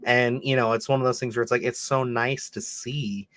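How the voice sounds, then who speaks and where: A man's voice: medium pitch, fairly even intonation, normal speed, a bit bright, no room sound. A man co-hosting a casual podcast chat about a film, rambling with lots of "like" and "you know.". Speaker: podcast co-host.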